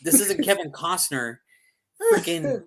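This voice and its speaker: Animated man talking football. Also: sits high, measured pace, creaky, husky. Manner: animated, mock voices for effect, swears. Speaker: sports show co-host. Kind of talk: casual sports chat.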